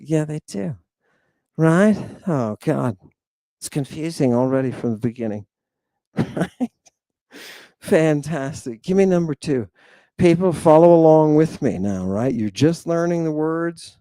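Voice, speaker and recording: A man's voice: on the high side, expressive, dark tone, dry recording. A man teaching ancient Greek in a recorded lecture, chatty and self-mocking, checking in with "right?" again and again and drawing out words for pronunciation drills. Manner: drawn-out, emphatic pronunciation drills. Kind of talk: recorded online language lecture.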